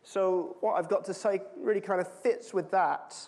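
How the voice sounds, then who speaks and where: A man's voice: high voice, steady tone, normal speed, a little mellow, in a large hall. A man from the United Kingdom preaching a sermon in a casual, chatty way, quoting with emphasis.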